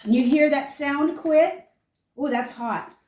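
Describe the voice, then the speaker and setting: An older woman homesteader, chatting through a food-storage demonstration and telling stories in a lively, animated way. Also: high-pitched, slow pace, reverberant, far from the mic. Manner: chatty, animated storyteller, talks viewers through each step. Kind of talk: casual how-to and storytelling.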